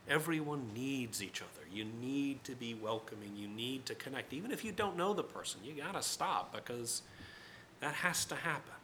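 A man tells a personal story in an easygoing, conversational way, wandering off on side paths and filling pauses with ums and uhs. His voice is bright and crisp. His pitch sits in a middle range. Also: expressive, a little hiss or hum. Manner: conversational, digressive, with many fillers. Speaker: writer.

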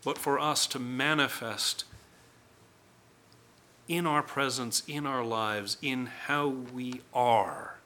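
Male preacher, sermon, conversational, slow and deliberate delivery, bright clear tone, faint room hiss behind. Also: medium pitch, fairly even intonation. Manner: conversational, acts out quoted voices.

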